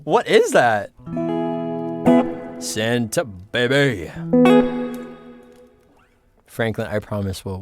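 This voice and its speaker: A man hosting a livestream, singing along to karaoke and chatting playfully with viewers, laughing often. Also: fairly low pitch. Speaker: livestream host.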